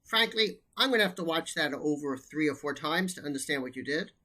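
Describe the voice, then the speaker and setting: Man, co-host tutor, emphatic and insistent, bright forceful tone. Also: on the high side, animated, fairly quick. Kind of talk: casual banter about a math problem.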